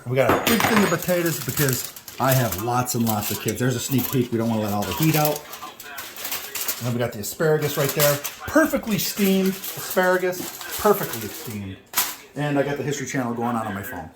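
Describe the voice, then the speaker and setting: A middle-aged man talks through his cooking in a casual home vlog, brash and boastful, full of jokes. His voice sits at an ordinary pitch, and faint kitchen clatter and noise run under it. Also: animated, quick pace. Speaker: home cook vlogger.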